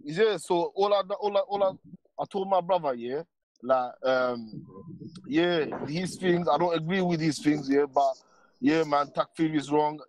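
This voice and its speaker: A man holds forth on a live stream panel, circling back and piling on street slang and tag questions. His voice sits a little high, and the sound is dry and close. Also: a little slow, dry recording. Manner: rambling, heavy street slang, many repeated tags. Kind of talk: casual heated rant.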